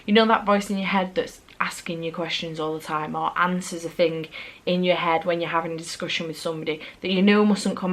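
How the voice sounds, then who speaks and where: A woman's voice: lowish voice, a bit bright, rough recording. A woman chatting casually to camera in a rambling vlog. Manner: chatty, rambling, self-correcting. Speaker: vlogger.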